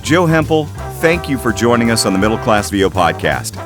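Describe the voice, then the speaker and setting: A man co-hosting a podcast, excitable and jokey, laughing easily. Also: lowish voice, a little fast, over music. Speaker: podcast co-host. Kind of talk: casual podcast chat.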